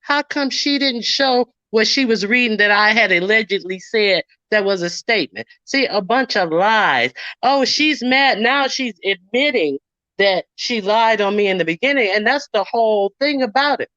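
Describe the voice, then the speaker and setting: An indignant woman streamer ranting in casual commentary, slipping into quoted voices as she retells arguments. Her voice sits at an ordinary middle pitch. The sound is dull and lo-fi, dry and close. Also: normal speed, a bit bright, no room sound.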